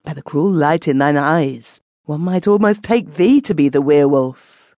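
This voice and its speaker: A woman voicing a spirited, loving young noblewoman in archaic speech, earnest and lively. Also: low-pitched, measured pace, dry recording.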